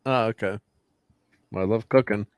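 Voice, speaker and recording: A man's voice: lowish voice, moderate pace, no room sound, studio quality. A man chatting casually as co-host, laid-back and chuckling as he talks. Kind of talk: casual chat.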